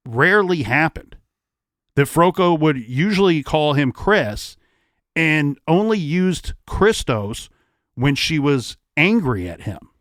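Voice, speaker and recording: A man co-hosting a true crime podcast, laying out a case timeline in measured, deliberate steps. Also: fairly high pitch, a bit bright, no room sound, clean studio sound. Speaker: podcast co-host.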